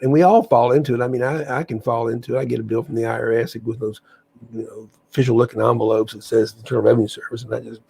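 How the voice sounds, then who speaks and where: A man hosts a casual spiritual livestream in a mellow, dark voice with a gravelly, husky texture. He talks enthusiastically and rambles, often breaking off and restarting his sentences. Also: medium pitch. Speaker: livestream host.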